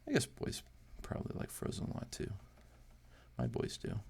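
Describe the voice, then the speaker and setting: Rambling casually while drawing, a man who runs an amateur drawing channel thinks aloud and teases his own efforts, sounding uncertain. He speaks at a moderate pace in a darkish tone.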